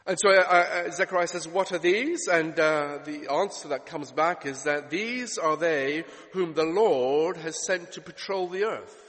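A man preaches a sermon, working through it with rhetorical questions and stacked, repeated phrases. His voice sits high for a man. A long reverb rings after each phrase. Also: measured pace, few pauses, fairly bright tone. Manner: expository, rhetorical questions, emphatic repetition.

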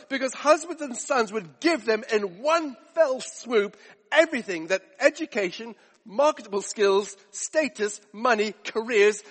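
A man's voice: high voice, fairly bright tone, breathy edge, long reverb tail. A man preaching a sermon, emphatic with rhetorical questions and repetition.

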